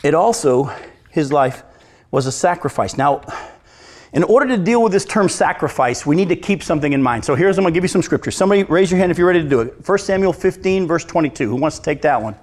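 Male pastor, sermon, fairly high voice, emphatic then hushed, talks straight to the congregation. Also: lively intonation, fast talker. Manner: conversational preaching, swings between emphatic and hushed; addresses congregation directly, asks questions.

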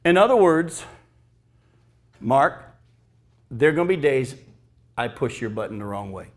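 A pastor in his fifties preaching a sermon, emphatic and animated, mixing teaching with personal stories. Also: mid-range voice, measured pace.

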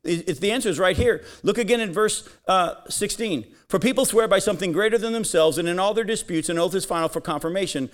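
A man with a high-sitting voice preaches quickly and with few pauses, reading Bible passages aloud and firing emphatic questions at his listeners.

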